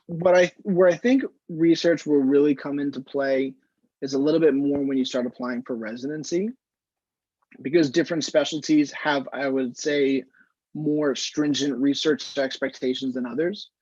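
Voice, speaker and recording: Husky-voiced male doctor on a muffled call. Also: medium pitch, fairly even intonation, darkish tone, dry recording. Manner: measured, explanatory, frequent "standpoint" phrasing. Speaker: anesthesiologist answering student questions. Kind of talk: casual advice in an online Q&A. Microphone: video call. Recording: muffled, slightly lo-fi video call audio.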